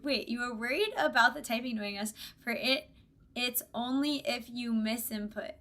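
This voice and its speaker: A woman's voice: fairly high pitch, normal speed, a bit bright. A woman chatting with viewers on a casual gaming live stream, bubbly and giggly, recorded on a desk mic at home.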